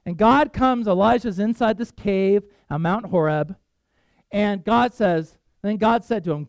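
Animated high-voiced male preacher. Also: measured pace, no room sound. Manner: animated storytelling, voices Bible figures, pitch jumps for excitement. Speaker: pastor. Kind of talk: sermon.

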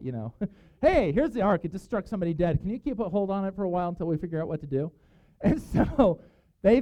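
A pastor telling stories in a casual, animated sermon with self-deprecating asides. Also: male voice, a little high, muffled recording.

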